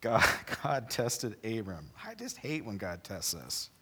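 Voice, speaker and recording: A man preaching a sermon as pastor, mixing casual joking asides with slow, dramatic readings of scripture. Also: fairly low pitch, wildly swooping pitch, fairly bright tone, slight background noise.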